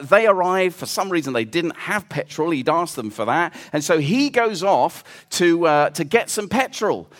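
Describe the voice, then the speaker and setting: Animated high-voiced male preacher. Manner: animated storytelling, acts out quoted voices. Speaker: pastor. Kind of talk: sermon.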